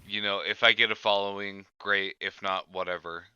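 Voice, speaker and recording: Laid-back host with a bright, crisp voice. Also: male voice, fairly low pitch, steady tone, moderate pace, no room sound. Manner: laid-back, swears casually. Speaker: podcast host. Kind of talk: casual interview chat. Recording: dull lo-fi mic.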